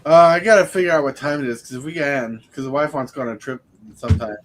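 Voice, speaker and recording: A man's voice: medium pitch, quick pace, slight background noise. A man hosting a casual live stream, chatting in a rambling way with lots of restarts. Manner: rambling, restarts a lot, laughs at own jokes. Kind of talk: casual chat. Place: home streaming setup.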